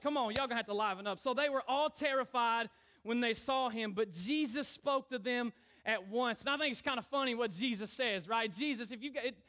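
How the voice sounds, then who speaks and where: A young man, a youth pastor preaching a lively sermon in church and calling on the congregation to answer back. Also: very high-pitched. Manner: energetic, calls on the crowd to respond.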